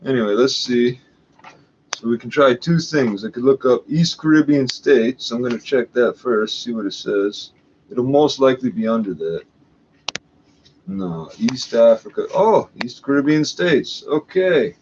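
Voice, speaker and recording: A man's voice: mid-range voice, lively intonation, a little slow, darkish tone. Canadian guy swearing a lot, rambling about coins, kinda dull sound, faint hiss. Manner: profane, rambling, thinking aloud. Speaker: vlogger. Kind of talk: rambling coin-collecting vlog. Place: at home.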